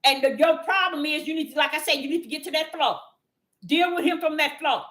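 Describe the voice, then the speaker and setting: A woman preaching an impassioned sermon in a fervent, scolding manner that rises to shouting. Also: sits high, fairly quick. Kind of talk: impassioned street-style sermon.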